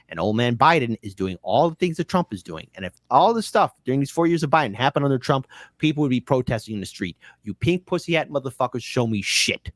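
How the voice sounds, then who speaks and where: A man's voice: mid-range voice, a bit bright, dry recording, clean studio sound. A comedian, a man, on a podcast delivering a heated, profane political rant that climbs to angry peaks. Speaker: comedian guest.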